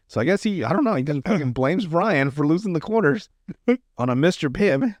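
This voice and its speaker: A man hosting a casual podcast, recounting stories in a loose, rambling way full of swearing and chuckles. His voice sits fairly high for a man. The sound is dry and close, with no room echo. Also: animated, moderate pace. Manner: rambling, profane, laughing storyteller. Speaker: podcast host. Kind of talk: casual chat, recapping comedy sketches.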